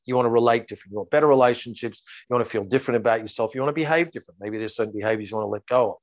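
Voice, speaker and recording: A man's voice: medium pitch, very fast, dry recording. A man, a therapist, explaining his method in an interview. He talks in a methodical, repetitive way and sometimes acts out exchanges with his clients. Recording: dull lo-fi dry audio.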